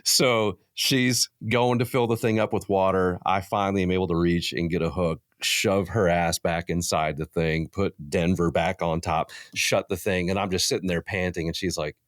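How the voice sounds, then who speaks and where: A man in his thirties spins a story as a guest on a podcast, lively and full of swearing. His voice sits low, and the sound is dry and close with no room around it. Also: normal speed, hardly any pauses, dry recording. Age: 30s. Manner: animated, profane storyteller. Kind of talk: casual storytelling chat.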